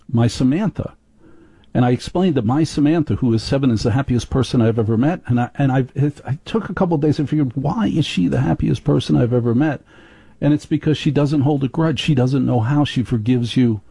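A man's voice: mid-range voice, gravelly, dark tone, husky, no room sound. A middle-aged man hosting a live radio talk show, chatty and confiding, rambling on with listeners.

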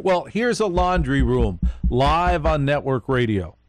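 A man's voice: on the high side, expressive, a little slow, hardly any pauses, no echo, studio quality. A man hosting a live late-night radio show, telling a rambling story and speaking straight to his listeners.

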